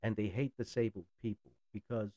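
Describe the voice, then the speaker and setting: A man's voice: fairly low pitch, steady tone, brisk, warm tone, no echo. A man in a blunt, sarcastic ranting monologue who swears freely. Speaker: political commentator.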